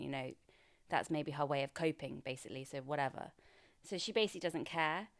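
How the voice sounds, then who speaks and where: Woman, podcast co-host, smooth clear voice, dry close sound, chatty. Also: low-pitched, steady tone, moderate pace, fairly bright tone, dry recording. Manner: chatty, retells scenes with quoted lines. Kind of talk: casual chat recapping a TV episode.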